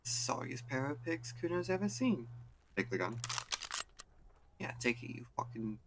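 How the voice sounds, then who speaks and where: A man voicing a cruel, foul-mouthed young boy in a video game, jeering and hurling crude insults in a pitched-up voice. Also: sing-song, a little slow, a little hiss or hum. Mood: taunting.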